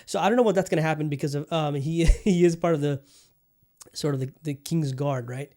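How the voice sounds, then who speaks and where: A man's voice: a little high, brisk, dark tone. A man hosting a podcast in casual chat, rambling with many fillers and restarts. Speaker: podcast host.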